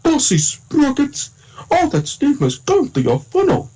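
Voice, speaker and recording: A man voicing a cheerful young male tank engine in a high, slow, sing-song voice. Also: huge pitch swings, mellow, heavily acted, low-quality recording.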